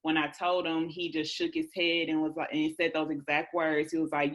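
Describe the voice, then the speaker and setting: A woman's voice: sits low, little pitch movement, brisk, few pauses, fairly bright tone, poor audio. A woman in her thirties, a podcast guest, telling a personal story in an earnest, candid way. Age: 30s. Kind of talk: casual conversation.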